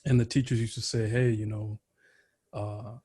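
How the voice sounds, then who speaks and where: Mellow-voiced male podcast host. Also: fairly low pitch, little pitch movement, normal speed, husky. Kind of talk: podcast interview.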